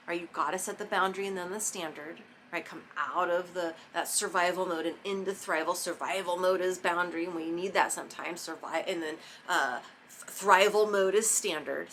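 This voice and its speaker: A woman giving a casual, profane motivational monologue about forgiveness, emphatic and spontaneous, sometimes dropping into soft mock whispers. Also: lowish voice, moderate pace, a little hiss or hum. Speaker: spiritual self-help vlogger.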